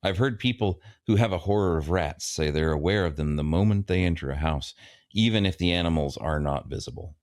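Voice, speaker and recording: A man's voice: sits low, a little fast, a little mellow, no room sound, studio quality. A man co-hosting a book podcast, reading passages aloud and then musing thoughtfully, with some hesitation. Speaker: podcast co-host.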